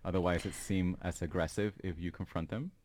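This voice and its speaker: An American man chats as a podcast guest in a very low voice. He talks easygoing and loose, circling his points with plenty of fillers. The recording is close and dry. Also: steady tone, brisk, darkish tone, dry recording. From United States. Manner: easygoing, many "you know" fillers. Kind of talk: casual podcast chat.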